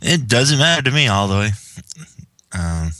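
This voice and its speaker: A man's voice: mid-range voice, very animated, moderate pace, bright, forceful tone, no room sound. A man co-hosting a casual podcast chat, easygoing and observant. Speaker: podcast co-host.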